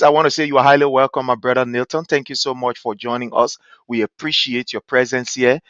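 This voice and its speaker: A man's voice: mid-range voice, fairly even intonation, a little fast, a bit bright, no room sound. A man with a Liberian English accent hosting a live-stream talk show, greeting viewers by name with effusive thanks and pleading appeals. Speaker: livestream show host. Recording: dull, dry lo-fi stream audio.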